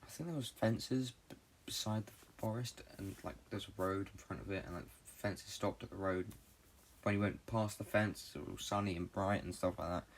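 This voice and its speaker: A young man from Britain, a podcast host, telling a long dream story in a fast, rambling way with lots of swearing and fillers. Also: low voice, a little hiss or hum.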